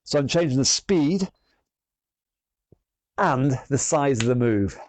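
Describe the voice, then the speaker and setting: A man's voice: mid-range voice, lively intonation, takes it slowly, no room sound. A man leading an online exercise class, chatty and self-mocking as he exercises along. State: exercising as he talks. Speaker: fitness instructor.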